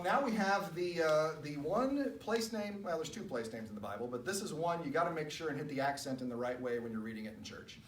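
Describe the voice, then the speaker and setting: A man leading a church Bible study, reading scripture and adding conversational, wry asides with chuckles. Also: medium pitch. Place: church room. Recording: echoey room, distant mic, faint noise.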